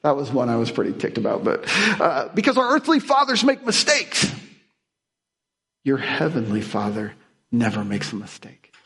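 A guest speaker preaches a sermon weaving humorous family stories together with Bible verses, chuckling and rising to emphatic climaxes. He has a mid-range, somewhat bright voice with huge pitch swings, and he keeps a moderate pace.

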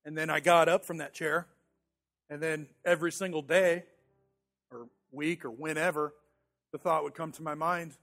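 A pastor in his thirties delivers a sermon in a relaxed, conversational way. His voice sits high for a man. He tells a story about himself with self-deprecating humor, often restarting and repeating words. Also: moderate pace.

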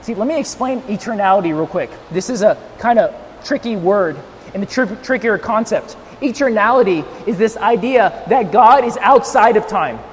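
High-voiced preacher man straining to be heard. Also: lively intonation, normal speed, big-room sound, a little hiss or hum. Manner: swings between loud, near-shouted emphasis and softer, tender passages. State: straining his voice to be heard without a monitor. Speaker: pastor. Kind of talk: sermon.

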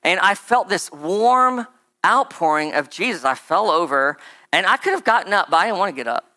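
Here the preacher talks at an ordinary pace with a mid-range voice. The sermon is casual and conversational, rambling and spirited, peppered with "like" and "right?" asides.

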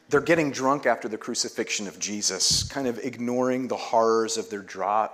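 A man preaching a sermon as pastor, earnest, leading a call-and-response prayer and dropping to near-whispers to stress a point. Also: medium pitch.

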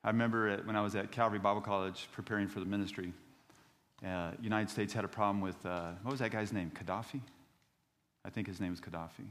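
A man in his fifties, a pastor preaching a sermon in a church, telling stories and rising to loud outbursts when he reads scripture. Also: fairly low pitch, fast talker, long reverb tail. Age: 50s. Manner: animated storytelling preacher, voice rising to shouts on scripture.

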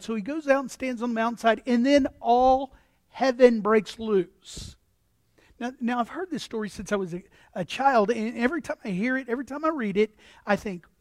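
A man preaching a sermon as pastor, animated, acting out voices and repeating words as he builds his points. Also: very high-pitched, dry recording, studio quality.

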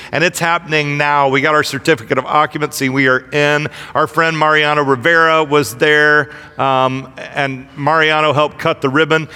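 Man, pastor, energetic sermon, bright voice, long church reverb. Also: a little high. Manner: energetic preaching, asks the congregation questions.

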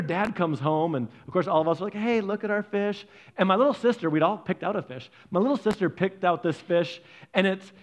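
Male pastor, fairly high voice, anecdotal sermon delivery that acts out the characters in his stories. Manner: animated storytelling, acts out family members' voices.

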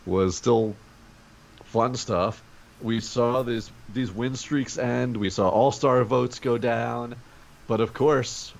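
A man's voice: lowish voice, gravelly, slight background noise. A man co-hosting a sports podcast from home over a video call, talking energetically in casual chat. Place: home during a snow day.

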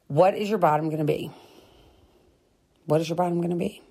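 A middle-aged woman hosting a sobriety podcast speaks briskly in a fairly low, mellow voice with fairly even intonation and frequent pauses. Her personal monologue is candid, earnest and encouraging, repeating its points.

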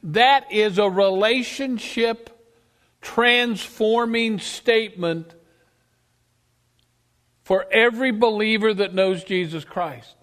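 A male preacher delivering an emphatic sermon, asking his congregation questions and swinging between loud declarations and quiet asides. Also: high voice, takes it slowly, long pauses. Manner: emphatic, rises and drops sharply, asks the congregation questions. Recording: long reverb of a church hall.

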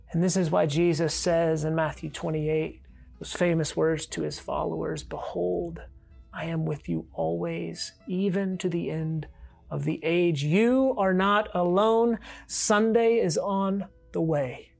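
An earnest male pastor preaches a heartfelt sermon, his voice carrying a gravelly, fry-tinged texture. He moves between quiet, intimate passages and fervent rising calls. A faint musical bed plays softly behind him. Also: high-pitched, fairly even intonation, unhurried, faint music behind. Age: adult.

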